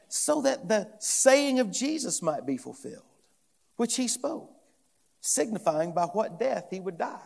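A pastor delivers an earnest expository sermon in a large hall with long reverb. His voice sits high and has a darkish, gravelly tone, with sing-song delivery at a measured pace. He is emphatic, often repeating phrases as he builds each point.

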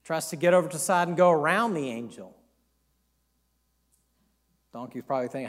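High-voiced man retelling a Bible story. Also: moderate pace, long pauses, in a large hall. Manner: animated, conversational retelling. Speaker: preacher. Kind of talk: sermon storytelling.

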